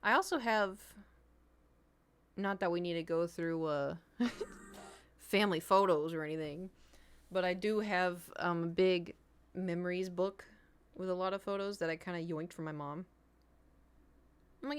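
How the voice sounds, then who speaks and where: A woman's voice: lowish voice, measured pace, long pauses, smooth. A young adult woman streaming, chatting casually with her viewers, rambling and laughing often.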